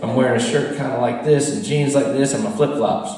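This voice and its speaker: A man's voice: mid-range voice, fairly even intonation, fairly quick, a little mellow. An American man telling a rambling, self-deprecating story to a live audience in a bar, often laughing at his own tale. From United States. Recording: roomy echo, from far off.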